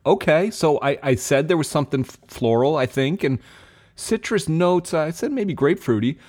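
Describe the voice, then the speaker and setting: A man's voice: on the high side, animated, moderate pace, a little mellow. A young adult man hosting a beer podcast, chatting casually and candidly about a beer's taste, rambling and swearing now and then. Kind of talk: casual tasting chat.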